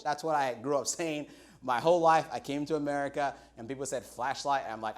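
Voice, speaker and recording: A middle-aged man from Nigeria with a Nigerian accent, preaching a livestreamed sermon in an animated storytelling way, stretching out words for emphasis. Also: on the high side, normal speed. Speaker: pastor.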